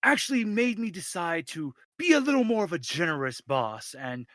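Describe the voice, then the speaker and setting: A man narrating a tabletop horror game as game master, animated and laughing often. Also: sits high, moderate pace, no room sound.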